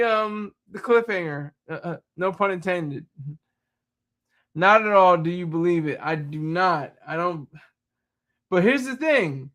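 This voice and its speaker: A man's voice: sits high, moderate pace, fairly bright tone. A man hosting a casual live chat, reading viewer comments aloud and replying, laughing often and stumbling over words.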